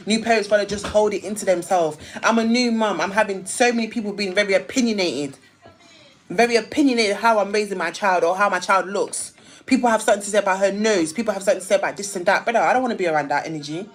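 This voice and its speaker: A woman's voice: mid-range voice, fast talker. Ranting woman on a livestream. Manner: emphatic, repetitive, ranting. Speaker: live streamer. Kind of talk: heated live-stream rant.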